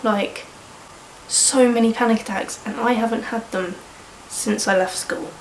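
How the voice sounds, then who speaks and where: A woman's voice: a little high, fairly even intonation, a little slow, roomy sound, a little hiss or hum, rough recording. A woman in her early twenties with a cold, vlogging in a frank, rambling way and swearing casually. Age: early 20s. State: sniffly with a cold. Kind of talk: candid personal vlog.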